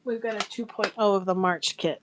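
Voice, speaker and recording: A woman's voice: mid-range voice, fairly even intonation, a little fast, background noise. A woman hosting a live craft sales stream, chatting casually, rambling and laughing often as she greets viewers by name. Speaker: craft seller and live show host.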